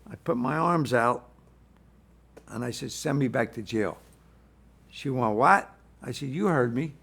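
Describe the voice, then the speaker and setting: An older man from Philadelphia telling a story in a blunt, streetwise way, acting out the dialogue as he goes. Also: fairly high pitch. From Philadelphia, USA. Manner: streetwise, acts out dialogue in his tale, blunt with swearing. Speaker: guest storyteller. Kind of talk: casual spoken storytelling.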